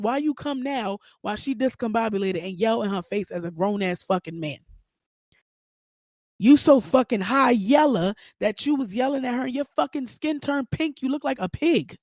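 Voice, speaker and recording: A woman hosting a podcast, giving outspoken, animated, profane commentary. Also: fairly high pitch, moderate pace, no echo, clean studio sound. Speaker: podcast host. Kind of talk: casual commentary.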